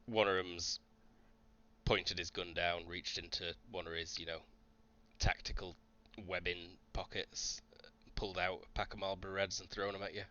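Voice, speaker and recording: A man narrating as game master in a calm, even way. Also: sits low, normal speed, highs cut off.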